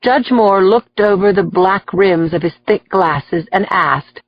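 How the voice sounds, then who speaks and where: A woman reads an audiobook with steady, clear storytelling. The close mic gives a dry sound, and the recording is a little dull and lo-fi. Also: medium pitch, takes it slowly, no room sound. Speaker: audiobook narrator. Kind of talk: scripted audiobook narration.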